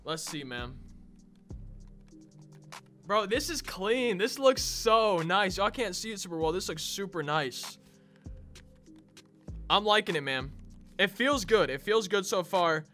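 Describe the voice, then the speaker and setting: A man's voice: high voice, lively intonation, slow pace, long pauses, pushed and bright, faint music behind. A young man chatting casually to viewers as he unboxes a console, a bit out of breath. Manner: chatty, talks to viewers as y'all. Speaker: gaming YouTuber.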